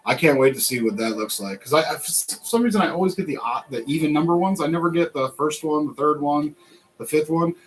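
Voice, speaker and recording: A man's voice: on the high side, fast, a little hiss or hum, poor audio. An American man hosting a casual livestream, talking in a rambling, chatty way and laughing often. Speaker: host.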